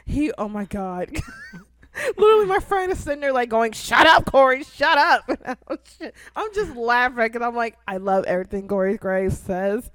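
A young woman hosting a casual podcast, swearing freely and bursting into loud, excitable outbursts. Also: on the high side, normal speed, dry recording. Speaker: podcast host.

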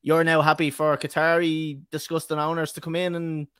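A man's voice: on the high side, level tone, moderate pace, a bit bright, clear, resonant tone, no echo, clean studio sound. A young man hosting a casual chat, teasing and laughing with plenty of fillers. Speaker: podcast host.

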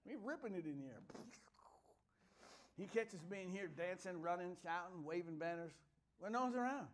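A middle-aged male pastor preaching a sermon, chatting through stories and building to loud, exuberant praise. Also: high-pitched.

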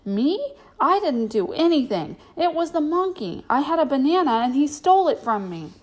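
A woman voicing a young runaway boy who is earnest and stubborn, in a higher voice than her own. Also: sing-song, normal speed. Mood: outraged. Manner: earnest, indignant.

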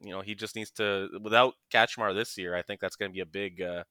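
A man co-hosting a casual podcast, rambling in a relaxed way and trailing off into low mutters. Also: fairly quick, smooth, no room sound, clean studio sound. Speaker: podcast co-host. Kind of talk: casual chat about a fantasy baseball league.

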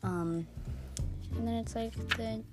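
A young woman vlogger rambles casually through a manga review, her fairly high voice taking things slowly. She fills it with fillers and giggles while guitar music plays behind her.

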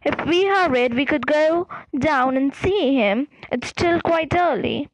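A woman's voice: high voice, expressive, slow, no echo, rough recording. A woman voicing a gloomy but loyal teenage schoolboy in a storybook reading. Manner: gloomy, blunt.

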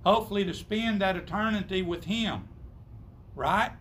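A man's voice: sits high, normal speed, fairly bright tone, a little hiss or hum. A man preaching a sermon to his congregation, emphatic, asking rhetorical questions and quoting scripture.

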